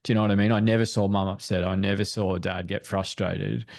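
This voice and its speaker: A man's voice: low voice, level tone, a little fast, vocal fry, darkish tone, no room sound, studio quality. A man speaking as a parenting expert guest in a webinar discussion, explaining in an earnest way. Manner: earnest, explanatory, acts out quoted thoughts.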